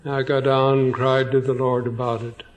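At an evening church meeting, a man preaches a sermon, reading a passage aloud before repeating key phrases and asking his listeners questions. He speaks slowly and deliberately in a flat, mid-range voice, repeating phrases for emphasis. The recording is low quality.

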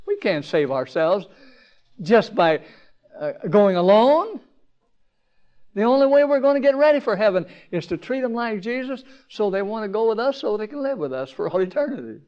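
A man preaching a sermon at a campground meeting, asking the crowd rhetorical questions, swinging from emphatic peaks down to quiet, low passages. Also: big pitch swings, moderate pace, highs cut off.

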